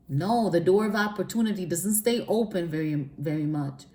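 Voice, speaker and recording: Low-voiced woman chatting about spirituality. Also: normal speed, a little mellow. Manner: rambling, chatty, frequent restarts; laughs often between phrases. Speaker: spiritual reader. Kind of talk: casual spiritual vlog talk.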